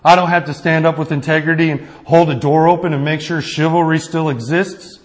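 A man preaching a sermon in a casual, conversational way, often checking in with the listeners with a quick "right?". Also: fairly high pitch, steady tone. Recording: long reverb of a hall.

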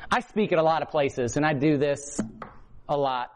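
A man with a high, bright voice delivers a sermon testimony to a congregation. He preaches with passion, dropping to a hush and then rising to loud emphasis. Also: moderate pace. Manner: impassioned, swings from low hush to loud emphasis. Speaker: prison ministry preacher. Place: hotel or church meeting room before a congregation.

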